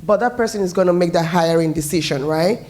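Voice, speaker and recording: A woman from the audience puts a friendly question to the panel, speaking fairly low and moving briskly through it. She speaks to each panelist directly and keeps it conversational. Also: darkish tone. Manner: friendly, quick, addresses panelists by name. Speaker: audience member asking a question. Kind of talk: question from the floor. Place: municipal building meeting room.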